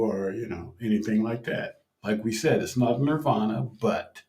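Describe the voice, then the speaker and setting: A man from the United States co-hosting a casual chat, speaking in a relaxed, agreeable way. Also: lowish voice, normal speed. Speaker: co-host. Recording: roomy echo.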